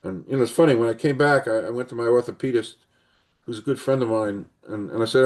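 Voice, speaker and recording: A man's voice: mid-range voice, fast, darkish tone. An older man hosting an interview, telling a long personal story in an earnest, rambling way. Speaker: podcast host.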